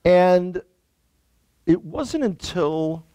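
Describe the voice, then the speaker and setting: A man's voice: high-pitched, drawn-out words, no echo. A man from the Bronx with a New York accent, a tour guide and guest talking casually and joking on a video call. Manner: animated, joking asides. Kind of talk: casual conversation.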